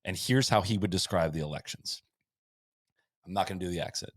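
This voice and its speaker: A man hosting a podcast in casual chat, rattling off lists of stats with quick asides. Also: low voice, no room sound, studio quality. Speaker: podcast host. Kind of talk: casual chat recapping a sports season.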